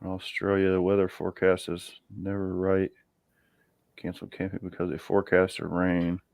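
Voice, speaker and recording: Laid-back man, low and smooth. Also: completely flat delivery, normal speed, darkish tone, no echo, studio quality. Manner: easygoing, chuckles often, trails off mid-sentence. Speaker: garage owner hosting a live stream. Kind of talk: casual chat.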